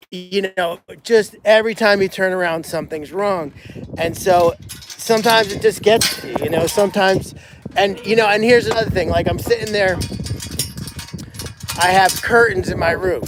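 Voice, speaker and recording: High-voiced man rambling casually. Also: background noise. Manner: rambling, frequent restarts and "you know" fillers. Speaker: animal sanctuary owner hosting a live stream. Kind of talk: casual rambling live-stream chat.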